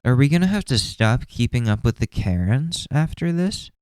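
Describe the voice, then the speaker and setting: A man's voice: mid-range voice, expressive, moderate pace, darkish tone, no room sound, clean studio sound. A man hosting a podcast in a casual, rambling way, swearing often and mocking what he sees. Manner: profane, rambling, sarcastic. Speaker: podcast host.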